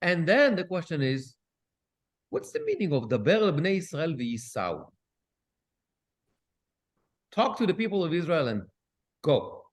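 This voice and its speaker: A male cantor leads a Bible study class, reading Hebrew verses aloud and translating them while posing lively questions. His voice is fairly high, his pace a little slow, and he pauses often.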